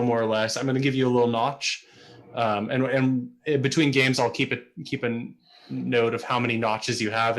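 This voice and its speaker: A man as game master running a streamed tabletop game, explaining rules with many ums and uhs. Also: medium pitch.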